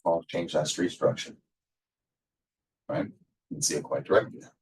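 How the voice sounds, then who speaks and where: A low-pitched man talks a class through a lecture in a loose, rambling way, full of ums and restarts. He sits some way back from the mic. The result is a casual, unpolished classroom recording. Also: steady tone, moderate pace, recorded from a distance. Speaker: instructor.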